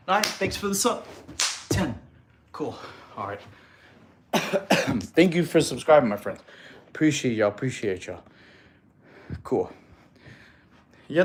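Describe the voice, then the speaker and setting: A man's voice: a little high, a bit bright, reverberant, a little hiss or hum. A man chatting casually on a live stream, giving fitness advice, thanking viewers and counting out push-ups, sometimes a little out of breath. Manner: laid-back, chatty, thanks viewers, counts reps aloud.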